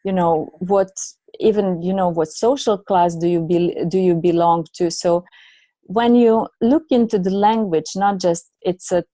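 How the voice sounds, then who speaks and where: A middle-aged woman whose first language is not English speaks as a guest coach. Her voice sits low and warm, and she reflects slowly with fillers and restarts. The recording is dry and close. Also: steady tone, no echo. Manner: reflective, many fillers and restarts, laughs often. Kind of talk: conversational storytelling.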